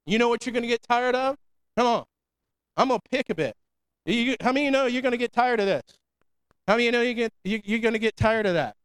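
A man with an extremely high, clean-toned voice preaches a sermon as pastor. He talks in a slangy, conversational way, using call-and-response and punctuating lines with repeated "come on" and "amen."

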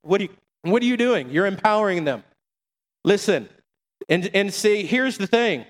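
A middle-aged man preaches from a church sanctuary in a high voice. He keeps throwing asides back to the congregation, and his words ring out with a long hall reverb. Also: animated, moderate pace. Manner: preaching with call-and-response asides. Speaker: pastor. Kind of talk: sermon.

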